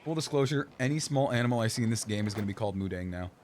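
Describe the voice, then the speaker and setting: A man's voice: fairly low pitch, expressive, rapid-fire, a little mellow, a little hiss or hum. Rambling, jokey male streamer. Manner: rambling, jokey, talks to game characters. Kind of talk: casual gameplay commentary.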